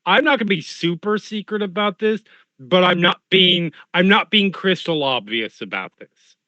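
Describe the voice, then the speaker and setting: A man's voice: high voice, lively intonation, normal speed, bright, forceful tone, no echo, lo-fi sound. A man playing a tabletop role-playing game, joking and speaking in character in first person. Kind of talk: casual game table chat.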